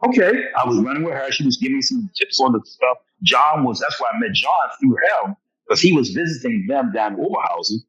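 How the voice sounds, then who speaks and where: A man's voice: medium pitch, animated, a little fast, hardly any pauses, a crowd in the background. A man telling stories as a podcast interview guest, acting out other people's lines and chuckling often. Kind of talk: animated storytelling in a podcast interview. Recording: dull lo-fi podcast audio.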